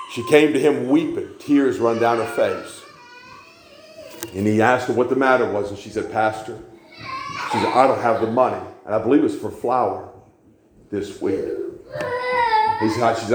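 A man's voice: medium pitch, a little mellow, echoey room, a little hiss or hum. A man preaching a sermon, telling stories and repeating phrases for emphasis.

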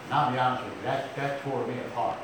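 Middle-aged male pastor, folksy sermon storyteller, big sudden outbursts; booming echoey sanctuary with faint room noise. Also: quick pace. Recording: very echoey church hall.

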